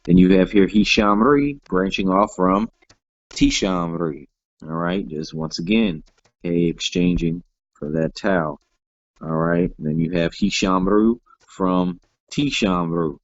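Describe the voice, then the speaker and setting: A man's voice: sits low, slow pace, no room sound. A man teaching a Hebrew grammar class, walking students through verb forms patiently and step by step, with frequent "all right" checks. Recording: dull lo-fi dry sound.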